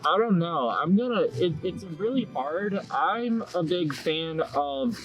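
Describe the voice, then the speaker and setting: A man's voice: fairly high pitch, animated, measured pace, music in the background, rough recording. A man voicing a brash, boastful male lizard king kept in a cage, blunt and profane in how he talks.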